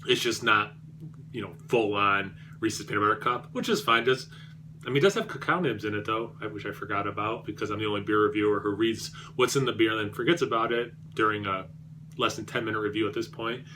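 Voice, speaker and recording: A man's voice: on the low side, brisk, pushed and bright, slight background noise. A man reviewing beer on his vlog, rambling and self-deprecating, with many fillers and restarts.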